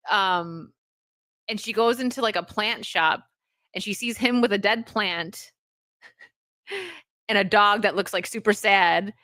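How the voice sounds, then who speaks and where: A woman's voice: mid-range voice, lively intonation, slow, long pauses, pushed and bright, no room sound, clean studio sound. A woman hosting a casual solo video chat, rambling and chatty with frequent laughs. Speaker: host.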